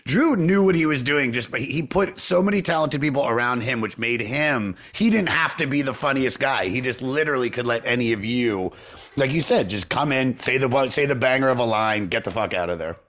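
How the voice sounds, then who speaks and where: A man hosts a podcast with easygoing enthusiasm. His swearing comes out loose and relaxed. His voice sits at a plain middle pitch. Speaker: podcast host. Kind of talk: casual podcast interview.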